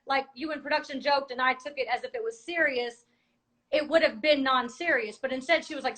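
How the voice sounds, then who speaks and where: A woman's voice: high voice, fairly quick, a bit bright, rough recording. A woman in a heated conversation, insistently explaining her side at length. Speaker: cast member.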